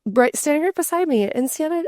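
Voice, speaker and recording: A woman's voice: high voice, a little fast, no echo, studio quality. A woman in her thirties hosting a casual podcast interview, telling stories animatedly and saying "like" a lot. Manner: animated storyteller, heavy use of "like". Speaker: podcast host.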